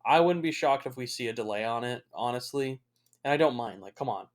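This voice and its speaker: A man's voice: medium pitch, lively intonation, a little fast. A young man talking through a film as a casual watch-along commentary, swearing freely and reacting with open emotion. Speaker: movie reviewer.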